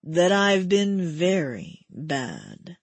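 Woman putting on a sneering immortal bad guy, low and slow, breathy, dry studio sound. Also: big pitch swings, no echo, full character voice. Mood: smug. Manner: mocking, cold and drawn-out. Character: sneering cruel male immortal villain.

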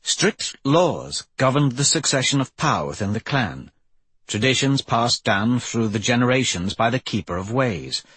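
A man narrating an audiobook in a measured, even reading voice, slightly husky. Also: mid-range voice, no room sound. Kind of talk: scripted narration.

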